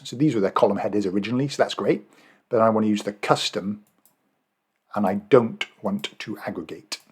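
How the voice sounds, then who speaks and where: A man's voice: fairly low pitch, husky. An Australian man walking viewers through a spreadsheet task in a casual screen-recorded tutorial, thinking aloud with fillers and self-corrections. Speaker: Excel and Power BI trainer.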